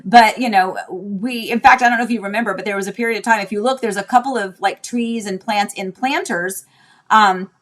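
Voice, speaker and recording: A woman's voice: medium pitch, brisk, fairly bright tone. Chatty woman host, rambles with restarts, live from home. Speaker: real estate agent hosting a live show. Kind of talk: casual live-stream chat.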